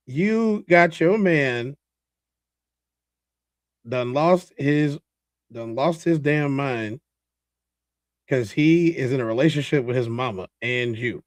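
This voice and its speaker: A man's voice: mid-range voice, slow pace, long pauses, dry recording. A man hosting a show who reacts to a story clip with incredulous exclamations and casual commentary.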